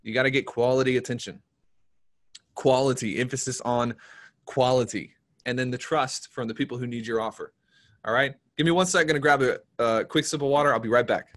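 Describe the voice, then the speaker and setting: A man giving a live-streamed marketing workshop, energetic and repeating his key points for emphasis. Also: mid-range voice, quick pace. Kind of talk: live-streamed business seminar talk.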